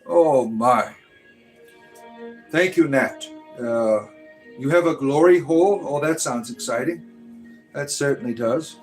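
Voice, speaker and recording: A man's voice: on the high side, measured pace, faint music behind. A man from the United States hosting a casual livestream, reading chat aloud and rambling with frequent "right?" tags.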